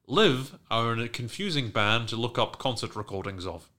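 Lively, bright-voiced man recapping a show. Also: medium pitch, normal speed. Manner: animated, profane, acts out characters' lines. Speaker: podcast host recapping a TV show. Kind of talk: casual recap chat.

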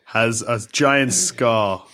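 A man's voice: mid-range voice, very slow, bright, forceful tone, smooth. A man playing a tabletop game, describing a character in a dry, blunt, joking way. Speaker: player. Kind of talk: tabletop role-play.

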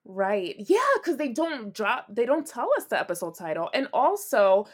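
A woman co-hosts a casual podcast and reacts expressively, laughing often. She is getting over a cold. Her voice sits fairly high and swoops up and down a lot. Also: very animated, moderate pace, slightly rough. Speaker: podcast co-host.

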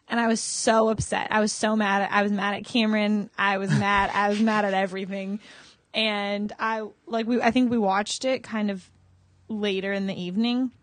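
A woman's voice: on the high side, no room sound. Chatty woman podcaster, dry close mic. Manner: chatty, animated storytelling, many fillers. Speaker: podcast co-host. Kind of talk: casual chat.

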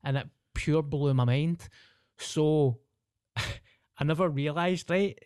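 A man's voice: fairly high pitch, slow pace, a little mellow, clean tone, no echo, studio quality. A young man with a Glaswegian accent, co-hosting a podcast and telling a story in casual chat, swearing freely and laughing through it. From Scotland. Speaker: podcast host.

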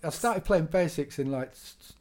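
A middle-aged man, telling animated stories as a DJ guest in a casual interview, laughing often and swearing now and then. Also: a little high, normal speed. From England.

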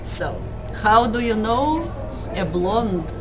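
Russian accent lady telling a joke real slow, laughs at it herself, music playing behind. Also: mid-range voice, expressive, rough recording. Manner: laughs at her own jokes. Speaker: travel show host.

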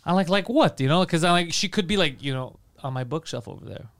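A man's voice: on the high side, dry recording. A man co-hosting a podcast, telling a story in casual banter, quoting people and swearing as he laughs. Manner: fast, animated, swears, quotes others with laughter. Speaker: podcast co-host.

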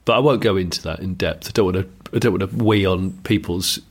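A man co-hosting a podcast, chatting casually with a slightly gravelly voice. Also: sits low, fast talker. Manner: chatty, rambling asides. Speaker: podcast co-host. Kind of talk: casual chat.

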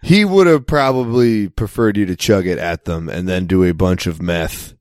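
An American man co-hosting a podcast, tossing in crude jokes and quick wry interjections during casual chat. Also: low voice, darkish tone, dry recording, clean studio sound. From United States. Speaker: podcast co-host.

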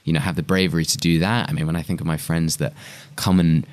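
An English actor with an English accent, chatting as a guest in an interview and telling stories animatedly with frequent laughter. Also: male voice, very deep voice, quick pace. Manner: animated storytelling, laughs often. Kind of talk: casual interview chat.

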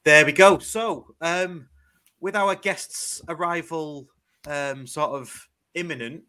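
English man, podcast co-host, bright forceful tone, slightly high, easygoing with ums. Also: slow. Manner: laid-back, hesitant with fillers. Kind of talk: casual podcast chat.

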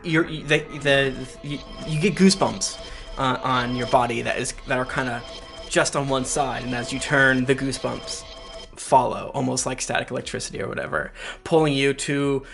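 Male game master, halting narration, bright tone, faint music under. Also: mid-range voice, gravelly. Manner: halting, lots of restarts and fillers.

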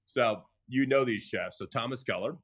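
A man, a chef from the United States, telling stories in a relaxed interview, restarting phrases and acting out what others said. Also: medium pitch, normal speed, husky. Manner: animated, restarts phrases, acts out quoted chefs. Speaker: chef and guest. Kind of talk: conversational storytelling.

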